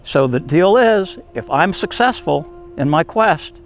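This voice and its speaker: A man voicing a small male mouse who politely bargains for his family, speaking earnestly and deliberately. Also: a little high, expressive, soft background music.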